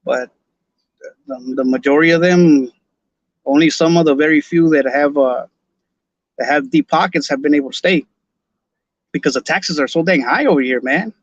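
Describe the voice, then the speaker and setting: A man from Los Angeles, California, hosts a podcast in casual live-stream chat, using Chicano English, plenty of slang, and lots of restarts and repeated words. His voice is a little high, moving at a moderate pace with long pauses, captured in a dry, muffled recording.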